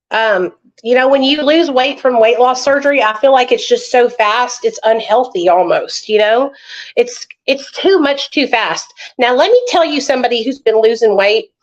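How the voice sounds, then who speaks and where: Woman, casual livestream host, chatty, swears, slightly high voice, muffled phone sound. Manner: chatty, talks straight to viewers, swears freely. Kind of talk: casual live chat.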